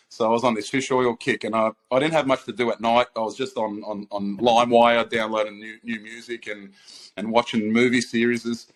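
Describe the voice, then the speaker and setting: A man in casual conversation, telling a personal story with an easygoing, chuckling delivery. He circles back, restarts his phrases and breaks into laughter as the tale builds. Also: medium pitch. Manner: laughing, animated anecdote with many restarts. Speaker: podcast host.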